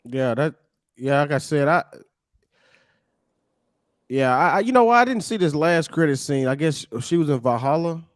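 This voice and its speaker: A man's voice: on the high side, animated, normal speed, long pauses, dry recording, clean studio sound. A man in a casual podcast chat about movies, loose and slangy, who often trails off and restarts.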